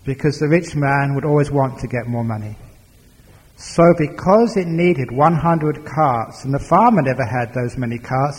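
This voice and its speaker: A man narrates a folk tale with lively, expressive phrasing. His voice sits a little high. A long hall reverb trails behind him. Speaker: storyteller. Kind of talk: oral folk tale telling.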